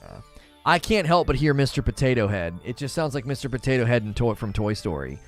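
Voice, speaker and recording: Animated opinionated male stream host. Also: a little fast, soft background music. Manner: animated, opinionated, thinks aloud; briefly mimics cartoon voices in a high falsetto. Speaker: gaming news host reading live chat. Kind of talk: casual livestream commentary.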